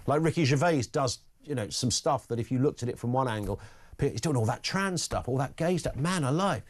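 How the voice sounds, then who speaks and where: A man's voice: a little high, lively intonation, fast talker. A British man hosting a talk radio phone-in, musing bluntly and conversationally with jokey asides. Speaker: radio talk show host. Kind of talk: opinion monologue and phone-in. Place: radio studio.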